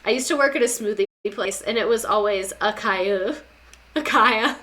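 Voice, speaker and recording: Chatty sarcastic young woman, bright voice. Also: medium pitch, moderate pace. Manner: chatty, sarcastic, repeats words for comic effect. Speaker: podcast host. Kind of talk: casual chat reading listener stories.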